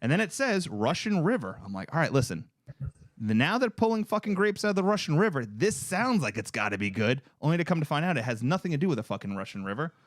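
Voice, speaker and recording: Lively, high-voiced man in his thirties. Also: quick pace, no room sound, studio quality. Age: 30s. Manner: animated, profane storytelling. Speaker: podcast co-host. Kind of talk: casual chat.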